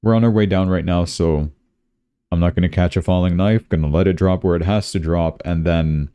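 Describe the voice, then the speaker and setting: A young man hosts a casual livestream, rambling and chatty with a very low, dark, mellow voice. The sound is dry and close, with no room echo. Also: a little fast, clean tone. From Canada. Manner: rambling, chatty, says "dude" often. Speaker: crypto livestream host.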